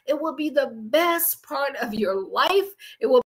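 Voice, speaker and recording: A woman giving an energetic, casual motivational faith talk as a coach, preaching with slang. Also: high-pitched, unhurried.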